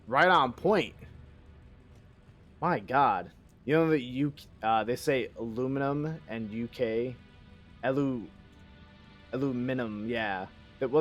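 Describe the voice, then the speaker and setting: A man chatting loosely while he streams a game, rambling from one joke to the next and swearing freely. His voice sits at an average pitch, with faint music playing underneath. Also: fairly bright tone. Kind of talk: casual live-stream chat.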